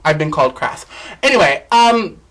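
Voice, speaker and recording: Sassy high-voiced male gossip host. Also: big pitch swings, moderate pace, fairly bright tone, poor audio. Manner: sassy, campy and outspoken; swoops between high and low pitch. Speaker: vlog host. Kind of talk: celebrity gossip commentary.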